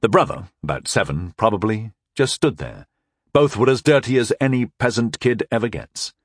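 A man's voice: on the low side, animated, moderate pace, no echo. Wry male audiobook narrator, dry sound. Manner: wry, conversational storytelling. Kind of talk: first-person fantasy narration.

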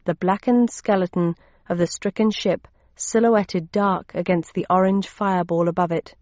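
Woman narrating an audiobook, measured and dry. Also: lowish voice, fairly even intonation, a little mellow, no room sound, dull audio. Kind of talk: first-person audiobook narration.

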